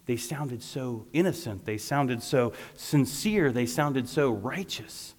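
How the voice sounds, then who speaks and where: A man preaches in an animated, conversational way, tossing frequent asides to his listeners. His voice sits at a middle pitch and rings out with the long reverb of a church hall. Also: takes it slowly, hardly any pauses. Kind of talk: lively sermon.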